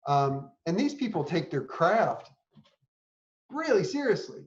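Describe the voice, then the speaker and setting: An opinionated man co-hosts a casual podcast chat. His voice sits a little higher than most men's and bounces around an echoey room, and the recording has a dull, lo-fi sound. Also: big pitch swings, a little slow. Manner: opinionated, self-deprecating critic. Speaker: podcast co-host.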